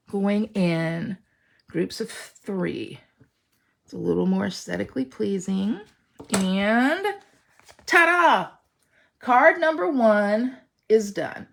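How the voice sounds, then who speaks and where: A woman's voice: medium pitch, creaky, slightly rough. A woman leading an online stamping class in a casual, chatty way, talking directly to viewers and reassuring them as she works. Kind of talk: casual craft demonstration.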